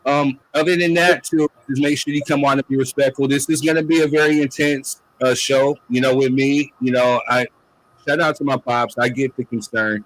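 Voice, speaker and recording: A man's voice: mid-range voice, fairly even intonation, normal speed, rough recording. A man hosting a casual talk show, speaking loosely and filling his lines with "you know what I'm saying.". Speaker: podcast host. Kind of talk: casual chat.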